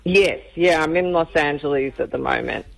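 A woman's voice: low-pitched, moderate pace, vocal fry, no room sound, low-quality recording. A woman comedian from Melbourne, a radio guest chatting in a friendly, giggly way. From Melbourne, Australia. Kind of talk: casual interview chat.

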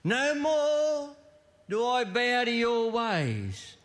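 A man's voice: very high voice, wildly swooping pitch, very slow, full character voice. A man voicing a drunken husband who stammers and talks thickly as he finally stands up to his wife. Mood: boastful drunk. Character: drunken middle-aged husband, finally rebelling.

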